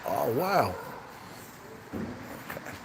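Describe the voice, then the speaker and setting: A man's voice: mid-range voice, very animated, very slow, creaky, background noise. A middle-aged man, streaming live as he walks around a museum, marvelling at the exhibits and chatting to viewers by name, with the sound picked up by a handheld phone. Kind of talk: live walk-around commentary. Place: indoor museum with old exhibits. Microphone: handheld phone while walking.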